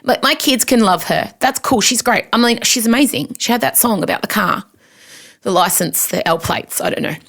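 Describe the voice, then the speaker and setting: A woman's voice: medium pitch, lively intonation, moderate pace, fairly bright tone. A woman in her forties with an Australian accent, hosting a podcast in a chatty, self-mocking storytelling manner. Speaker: podcast host. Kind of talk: casual monologue.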